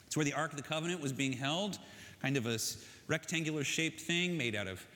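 Man preaching, relaxed storytelling tone, bright and a bit high, with long reverb from a large church hall. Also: brisk. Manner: casual, conversational storytelling with asides. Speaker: pastor. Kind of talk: sermon.

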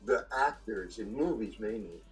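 An older man, an actor being interviewed, telling stories in a halting way with restarts and chuckles. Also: fairly low pitch, animated, breathy edge, soft background music, poor audio. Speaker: actor guest. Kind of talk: anecdotal storytelling.

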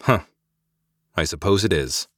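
A calm, decisive woman leader, read by a male narrator in his own low voice. The lines move in a lively melody, sounding close and dry. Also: measured pace, no room sound. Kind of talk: scripted audiobook acting.

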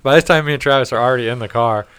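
A man's voice: mid-range voice, rapid-fire, a bit bright, clean tone, no echo. A man telling a rambling, profane story in casual chat. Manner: rambling, profane, laughs at his own story.

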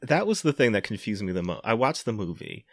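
Low-voiced man hosting a casual chat. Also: big pitch swings, brisk, background noise. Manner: laughing often, asks the guests questions. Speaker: podcast host.

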